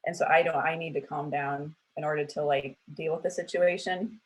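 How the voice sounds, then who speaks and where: A woman's voice: deep voice, fairly even intonation, moderate pace, slight background noise, poor audio. A woman in her thirties at a church women's panel, talking casually and candidly, with lots of filler words and self-corrections.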